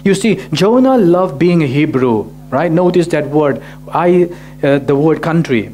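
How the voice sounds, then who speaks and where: Pastor preaching over soft guitar. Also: male voice, fairly high pitch, animated, measured pace. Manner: restates key points, frequent "right?" checks. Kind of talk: sermon. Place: church in Tokyo.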